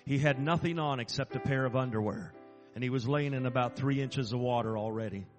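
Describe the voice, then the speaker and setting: A man who is an assistant chaplain, telling a personal story in an earnest, halting and emphatic way. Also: medium pitch, in a large hall, faint music behind.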